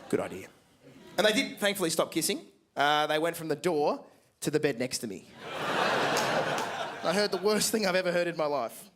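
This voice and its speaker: A young Australian comedian tells a stand-up story on a big theatre stage, acting out voices and swearing freely. His voice sits high for a man. Loud noise runs under the recording. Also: expressive, moderate pace, pauses often. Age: 20s. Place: large theatre stage with an audience.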